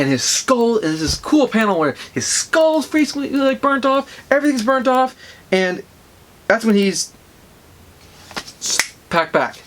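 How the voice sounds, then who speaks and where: A man casually reviewing a comic, retelling the story in an excited, rambling way with many fillers. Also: high voice, a little slow, long pauses.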